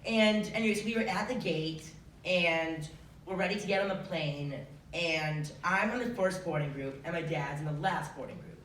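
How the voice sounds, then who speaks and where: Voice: medium pitch, moderate pace, a bit bright. Teen storyteller in an echoey hall. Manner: chatty, many filler likes. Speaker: student storyteller. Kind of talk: live true-story telling. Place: school auditorium with audience. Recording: roomy hall, distant mic, noisy. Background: audience laughter.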